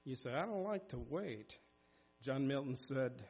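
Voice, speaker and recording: In a church sanctuary, a man preaches a sermon, exhorting his listeners and reading scripture aloud with emphasis. His mid-range voice is expressive and unhurried, a little mellow and slightly rough, captured in dull lo-fi sound.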